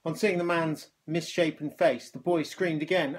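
A male teacher reading a children's novel aloud with a lively, expressive delivery. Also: a little high, moderate pace, few pauses.

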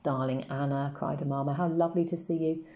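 A woman's voice: low-pitched, fairly even intonation, quick pace, warm tone, roomy sound. A woman reading aloud and voicing an effusive elderly grandmother who dotes on her dog. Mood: gushing. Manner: effusive and dramatic, cooing endearments.

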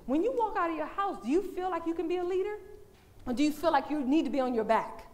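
A woman giving a lively, conversational talk at a church as the women's day speaker, animated and laughing often. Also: extremely high pitch, fast.

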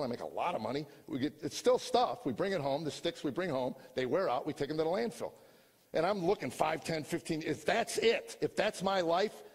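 A man's voice: fairly high pitch, slightly rough. Older man telling a story in an echoey hall. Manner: storytelling, swings from hushed to shouting. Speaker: comedian. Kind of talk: personal testimony.

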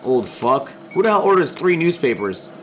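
A young man streaming a game, loud, profane and excitable, talking to his chat. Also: a little high, moderate pace, a little hiss or hum. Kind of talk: gaming livestream commentary.

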